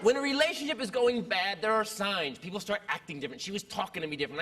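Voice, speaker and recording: High-pitched shouting male comic. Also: quick pace, few pauses, heavy background noise. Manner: loud, animated, often shouting. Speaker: stand-up comedian. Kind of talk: stand-up comedy. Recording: distant stage mic, loud audience.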